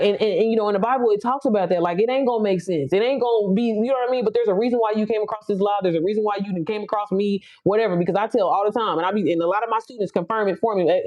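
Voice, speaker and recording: A woman's voice: medium pitch, a little mellow, dull audio. A young woman hosting a live stream, talking bluntly and profanely to motivate her viewers. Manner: blunt, profane, hype-up preaching. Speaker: live stream host, business coach. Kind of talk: casual motivational live chat.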